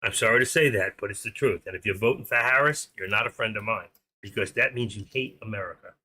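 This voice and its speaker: A man's voice: lowish voice, fast talker, pushed and bright. A man in his sixties hosting a live stream, chatting in a rambling, opinionated way and reading off market numbers. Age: 60s.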